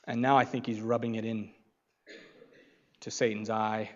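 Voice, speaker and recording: A man preaching an expository sermon, slow and emphatic, swinging from loud declarations to quiet asides. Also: on the low side, little pitch movement, muffled recording.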